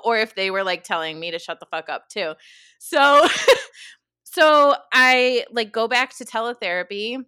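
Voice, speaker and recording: A woman therapist telling a story in casual chat, animated and full of "like", with some swearing. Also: on the high side, normal speed, smooth, dry recording, clean studio sound. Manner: animated, heavy use of "like", swears.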